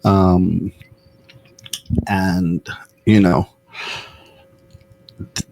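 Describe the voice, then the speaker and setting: A man's voice: low voice, little pitch movement, drawn-out words, creaky, darkish tone, low-quality recording. A man hosting a podcast, telling stories in a loose, profane, casual way with plenty of fillers. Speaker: podcast host.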